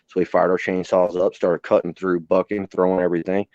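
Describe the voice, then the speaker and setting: A low, deep-voiced man with a dark, mellow tone tells rough, plainspoken stories in casual chat. His recording sounds dry and a little muffled. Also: level tone, fairly quick, no echo. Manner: plainspoken, swears freely, acts out quoted voices. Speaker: host, former emergency responder. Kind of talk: casual storytelling on a live stream.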